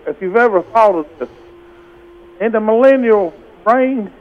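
A man's voice: sits high, animated, a little slow. A man calling in to a radio show, plain-spoken and a little hesitant as he asks his question. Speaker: caller. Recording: muffled phone line.

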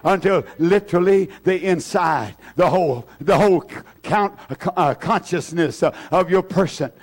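A man's voice: sits high, unhurried. A man preaching a fervent revival sermon, repeating himself with many fillers and restarts.

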